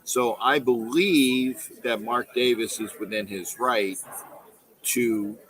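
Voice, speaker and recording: A man's voice: medium pitch, takes it slowly, a bit bright, poor audio. Middle-aged male host, casual livestream, rambling delivery, repeats lines, mid-range voice. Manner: rambling, repeats himself, reads viewer comments aloud. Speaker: host of a fan call-in livestream. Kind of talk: casual live-stream fan talk.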